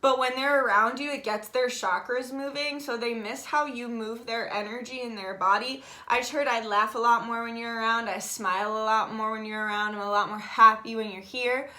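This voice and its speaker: A young woman giving a casual tarot reading, chatty and animated, swearing freely. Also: fairly high pitch, normal speed, hardly any pauses. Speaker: tarot reader.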